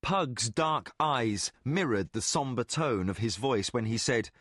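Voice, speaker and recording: A man narrating a fantasy audiobook in deliberate, expressive storytelling. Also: mid-range voice, no echo, studio quality. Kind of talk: scripted narration.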